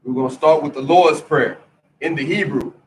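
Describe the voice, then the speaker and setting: A man's voice: a little high, fairly even intonation, normal speed. A man leading a congregation through its prayers, giving instructions and then chanting lines for the congregation to repeat. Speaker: prayer leader. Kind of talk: call-and-response congregational prayer. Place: congregation hall. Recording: distant mic with congregation noise.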